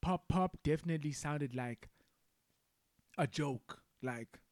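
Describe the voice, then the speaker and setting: A man's voice: a little high, slow pace, dry recording, clean studio sound. A man co-hosting a podcast in casual chat, laid-back and rambling, swearing freely. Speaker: podcast co-host.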